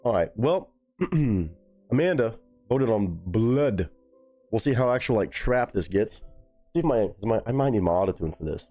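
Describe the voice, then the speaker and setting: A man's voice: fairly low pitch, animated, normal speed, warm tone, faint music behind. A young man chatting casually and goofily on a live stream, swearing freely and joking around.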